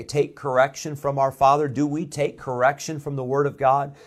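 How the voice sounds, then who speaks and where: Speaking a little high, this pastor from Illinois tells his congregation a story from his own life. The delivery is chatty, peppered with "uh" and frequent restarts.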